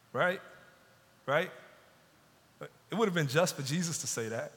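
A man's voice: fairly high pitch, lively intonation, moderate pace, pauses often, a bit bright. A man preaching a sermon as pastor, building in intensity and dropping into pleading asides. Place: church sanctuary. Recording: long church reverb.

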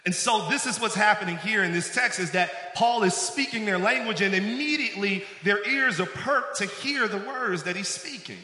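A man's voice: high-pitched, pushed and bright. A man preaching a sermon as pastor, calling out to the congregation for responses. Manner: preaching with call-outs to the congregation. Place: church sanctuary. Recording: echoey hall with long reverb.

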